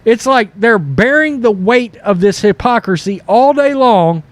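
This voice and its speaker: High voiced guy ranting political commentary, bouncy and mocking, dry close mic. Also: a little slow, no echo. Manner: animated, mocking, mimics voices in quotes. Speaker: commentary host. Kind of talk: political commentary over clips.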